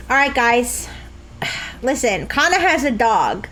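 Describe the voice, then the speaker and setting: High-pitched, lively woman streamer. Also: slow, a little hiss or hum. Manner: joking, laughs a lot, high squeals. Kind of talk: casual game commentary.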